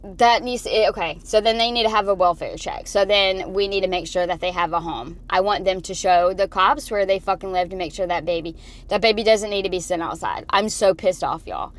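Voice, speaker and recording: A woman's voice: medium pitch, brisk. A woman vlogger ranting and swearing while she drives, talking into her phone. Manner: swearing, heated and rambling. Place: in a car.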